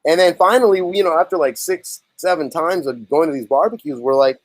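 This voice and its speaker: Animated storytelling man, dry close sound. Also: a little high, brisk, hardly any pauses, no room sound. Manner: animated storyteller, acts out others' lines. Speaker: lead singer and songwriter, guest. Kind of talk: casual storytelling interview.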